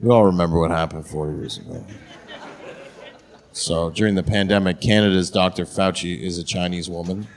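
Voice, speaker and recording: A man's voice: low voice, steady tone, normal speed. Brash, crude male stand-up comic. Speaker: stand-up comedian. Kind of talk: stand-up set. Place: comedy club stage.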